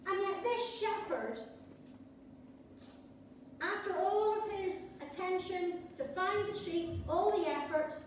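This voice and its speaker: Woman preacher, high voice, chatty sermon with jokes; distant mic, very echoey church. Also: takes it slowly, long pauses, slight background noise. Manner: conversational with playful asides. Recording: echoey church hall from far off.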